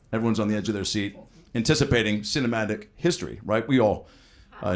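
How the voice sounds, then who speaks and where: A man in his thirties doing improvised stand-up in a comedy club, telling loose, profane stories and working the crowd. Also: on the low side. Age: 30s. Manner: loose, profane storytelling with lively voiced quotes. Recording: live club with crowd laughter. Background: audience laughing.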